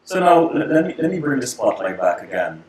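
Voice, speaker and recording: A man hosting an interview, asking questions in an animated, inquisitive way. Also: mid-range voice, brisk, a little hiss or hum. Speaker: interviewer, host. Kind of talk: interview conversation. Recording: roomy echo.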